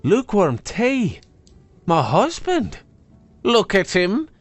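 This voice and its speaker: A man's voice: high voice, huge pitch swings, takes it slowly, soft background music, voice pushed up, heavily acted. A man narrating a fantasy story, voicing a blunt, hearty blacksmith wife. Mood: amused.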